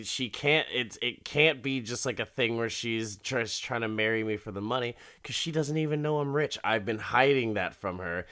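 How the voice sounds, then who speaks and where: A man's voice: on the low side, bright, forceful tone, clean tone. A man voicing a lovestruck wealthy old man of about eighty who gushes giddily. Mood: insistent. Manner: giddy, gushing.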